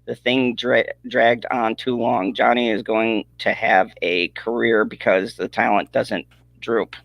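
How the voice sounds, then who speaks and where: A man's voice: medium pitch, a little slow, creaky, dry recording, highs cut off. A man hosting a podcast, chatting casually and brashly, reading out comments. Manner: animated, brash and laughing. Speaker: podcast host.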